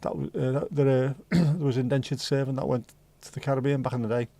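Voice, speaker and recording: A man's voice: medium pitch, little pitch movement, quick pace, mellow, no room sound. Chatty man hosting a livestream. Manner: chatty, rambling, swears casually. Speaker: livestream host. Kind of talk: casual chat reading viewer comments.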